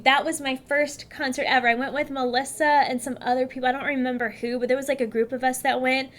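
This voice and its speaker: Friendly woman from California, casual to-camera vlog chat, a touch high-pitched. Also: fairly even intonation, fairly quick, few pauses. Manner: chatty, upbeat, addresses viewers directly. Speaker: beauty vlogger.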